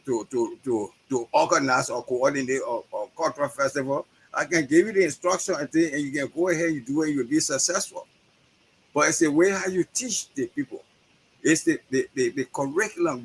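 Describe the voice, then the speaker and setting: Husky Liberian man, restarts his words. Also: fairly high pitch, rough recording. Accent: Liberian English. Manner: animated, repeats words while building his point. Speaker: guest educator. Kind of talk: conversational interview.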